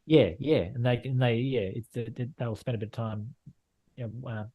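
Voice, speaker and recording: The sound is phone-quality as a middle-aged man from Western Australia talks frankly in a casual interview. This Australian landscape photographer and gallery owner has a slightly rough, steady mid-range voice at normal speed and often repeats and restarts his phrases.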